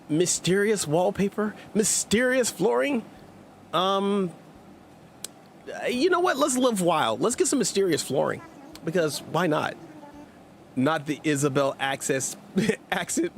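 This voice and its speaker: His voice sits high, expressive and gravelly, moving slowly with long pauses, and there's slight background noise. He's a let's play streamer chatting casually about his gameplay, reading viewers' messages aloud and joking with sarcastic asides.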